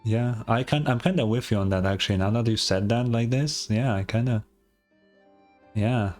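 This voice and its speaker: A man's voice: mid-range voice, moderate pace, darkish tone, soft background music. A man from Europe streaming a game, rambling casually and repeating himself as he answers chat. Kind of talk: casual live-stream commentary.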